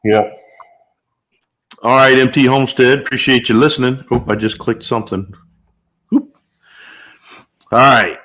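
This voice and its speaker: In an unhurried, mid-range voice that pauses often, an older man reads out one viewer name after another during a casual live chat. He's a livestream host with a chatty, upbeat manner, and he whoops excitedly between greetings.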